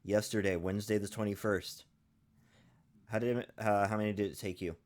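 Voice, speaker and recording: Male podcast co-host, slightly low voice, dry deadpan humor, casual banter over a call. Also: a little fast. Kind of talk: casual chat. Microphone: remote call mic.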